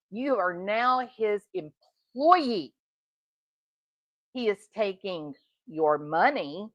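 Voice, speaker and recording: A woman's voice: mid-range voice, no echo, muffled recording. A middle-aged woman giving indignant, emphatic true crime reaction commentary. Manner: indignant, emphatic, talks straight to the subject. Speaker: commentary host.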